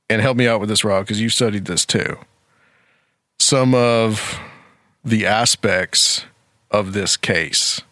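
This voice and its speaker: A man's voice: lowish voice, a bit bright, no room sound, clean studio sound. A man hosting a talk show, speaking casually and rambling with frequent fillers. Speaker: podcast host.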